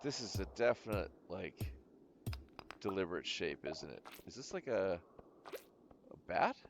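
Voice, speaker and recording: Man, game streamer, casual commentary, jokey, swears, gravelly, animated pitch. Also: unhurried, music in the background. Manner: joking, swears freely, hums and mutters while playing.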